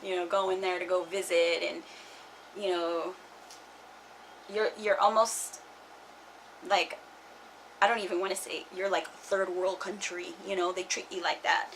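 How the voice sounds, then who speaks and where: A woman's voice: lowish voice, fairly even intonation, measured pace, long pauses, fairly bright tone, slight background noise, rough recording. A young woman vlogging casually, rambling with many fillers and restarts. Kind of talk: casual personal vlog.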